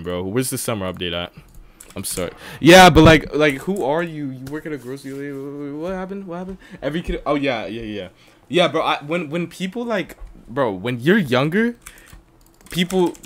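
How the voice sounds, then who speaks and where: A young man live-streaming a video game, reading his chat aloud and reacting with loud outbursts and quiet mumbling. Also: mid-range voice, noisy background. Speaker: livestreamer. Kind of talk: casual live-stream chatter while gaming.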